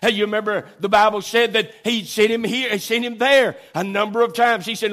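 A high-pitched male preacher delivers a sermon in church. He leans hard on his key phrases, drawing them out slowly, and mixes scripture with folksy asides to the congregation. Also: a bit bright. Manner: preaches with slow, drawn-out emphasis and Southern folksy asides. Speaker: pastor.

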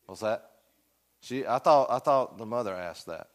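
In a church classroom, a man teaches a Sunday school Bible class, asking the room questions and joking with his students in a folksy way. His voice is lowish and expressive, at a moderate pace.

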